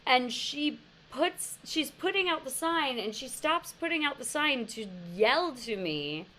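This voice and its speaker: A woman with a slightly high voice chats casually on a podcast. She tells stories with animation and laughs easily. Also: a little slow. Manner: animated storyteller, laughs often. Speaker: podcast co-host. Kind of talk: casual chat.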